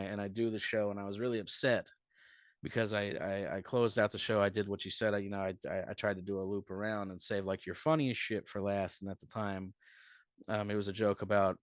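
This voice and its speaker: A man with a fairly low voice, recorded dry and close. He tells rambling, profane stories in a casual podcast chat as a comedian guest. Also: dry recording.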